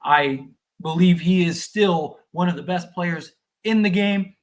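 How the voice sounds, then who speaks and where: A man hosting a sports livestream, fuming and exasperated as he rants and recaps the game, sometimes shouting. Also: high voice, unhurried. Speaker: sports podcast host.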